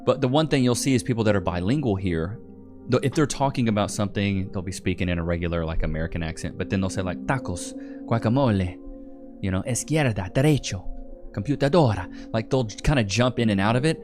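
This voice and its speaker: A man's voice: lowish voice, expressive, fast talker, over music. A man hosting a reaction video, chatting casually with his chat and laughing often. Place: home studio in Texas.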